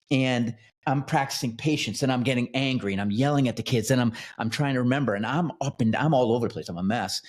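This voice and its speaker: A man, a podcast guest who founded a nonprofit, telling his personal story in a casual, rambling way, often restarting and repeating words. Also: medium pitch.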